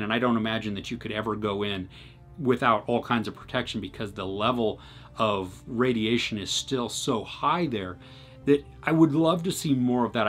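A man's voice: mid-range voice, husky. A man hosting his own review channel, talking through a series in a conversational, earnest way with frequent restarts. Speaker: movie reviewer and channel host. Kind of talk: casual solo video review.

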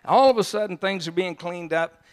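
An older man with a drawl, preaching a sermon with a high-pitched voice. He tells stories in a folksy, conversational way and breaks into bursts of shouting. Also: brisk, clean tone. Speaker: pastor. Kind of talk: sermon with storytelling.

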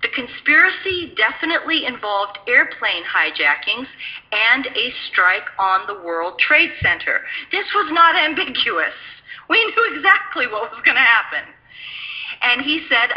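A woman's voice: on the high side, very animated, measured pace, dull audio. A woman giving a storytelling talk, speaking emphatically with frequent restarts. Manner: emphatic, restarts sentences, acts out quoted dialogue. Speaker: speaker recounting her intelligence work.

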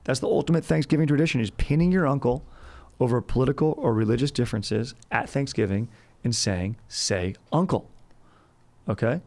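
A young man hosting a comedic history podcast in a loose, rowdy, jokey way with sudden shouted bursts. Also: medium pitch, fast. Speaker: podcast host.

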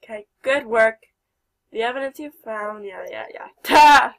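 A woman's voice: a little high, normal speed, creaky, fairly bright tone. A young woman giving casual let's play commentary, chatty and giggly, talking to her game characters. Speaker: gameplay commentator.

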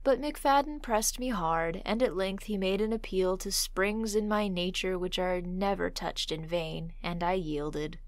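A woman reading a humorous horror story aloud in calm, even scripted narration. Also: on the low side, unhurried, hardly any pauses, no room sound.

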